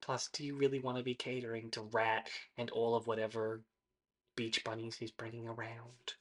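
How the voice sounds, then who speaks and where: A man playing a flirty smooth-talking woman captain. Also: fairly high pitch, fast, pitched above the performer's own voice, exaggerated voice. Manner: smooth-talking, flattering, sly. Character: flirty female crew-recruiting ship captain.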